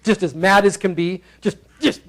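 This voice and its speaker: High-voiced playful preacher. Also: male voice, moderate pace, poor audio. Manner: playful, acts out the characters in bursts. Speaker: pastor. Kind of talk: expository sermon. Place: church sanctuary.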